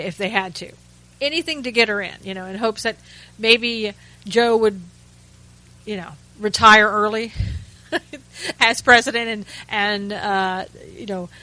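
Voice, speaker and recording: A woman hosts a talk radio segment in a chatty, sarcastic commentary style. Her voice is bright and forward, and she often restarts her sentences and drops in wry asides. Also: medium pitch, low-quality recording. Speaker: radio host.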